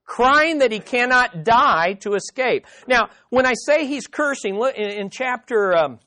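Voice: medium pitch, expressive, a little slow, sharp tone. A Bible teacher giving an emphatic study lesson to a live group, often putting questions straight to the listeners and repeating words to press a point.

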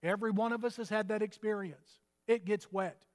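A man's voice: high voice, steady tone, a little fast. An older man from Texas preaching a sermon, telling folksy, humorous stories as a pastor. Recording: reverberant hall.

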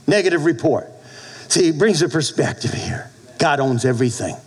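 A man in his fifties preaching a sermon as a pastor, animated, with frequent restarts and sudden soft drops in his voice. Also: a little high, a little fast, creaky.

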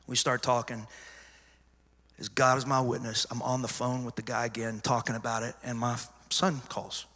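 A middle-aged pastor preaching from the pulpit, his voice very bright and forceful. He tells his story with emphasis and drops to near-hush before rising again. The sound carries the long reverb of a big church hall. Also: medium pitch. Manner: emphatic storyteller, swinging from hushed asides to loud cries. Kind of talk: sermon testimony. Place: large church sanctuary.

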